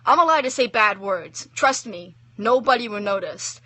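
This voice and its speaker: A woman's voice: a little high, animated, normal speed, sharp tone, no echo. A young woman voicing Death, a grumpy, easily flustered male grim reaper, in a snappish, exasperated tone. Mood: irritated.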